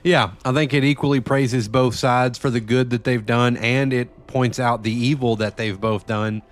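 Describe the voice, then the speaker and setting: A man of medium pitch speaks at a moderate pace with fairly even intonation. He's live-streaming a game and chatting casually with viewers, loose, profane, and given to rambling.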